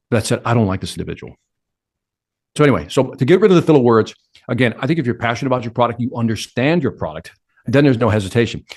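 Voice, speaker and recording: A man's voice: mid-range voice, darkish tone. A middle-aged man answering interview questions with energy, acting out quotes and his own inner talk. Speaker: sales speaker and interview guest.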